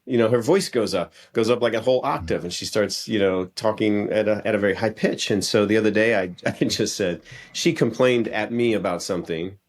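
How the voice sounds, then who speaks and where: Low male podcast guest, earnest coaching tone, casual and repetitive. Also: a little fast, few pauses. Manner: earnest, coaching men directly, frequent restarts.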